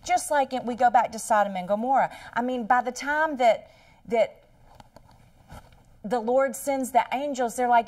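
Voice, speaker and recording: A woman's voice: on the high side, normal speed, darkish tone, no room sound, distant mic. A woman leading a Bible study in a conversational style, dramatizing the story with laughing asides.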